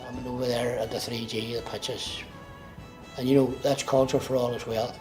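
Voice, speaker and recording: A man talks in an interview about his community centre. His voice sits at a middle pitch and he stresses key phrases with force. Soft music plays faintly underneath. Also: flat delivery, moderate pace. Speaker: community worker. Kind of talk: interview talk.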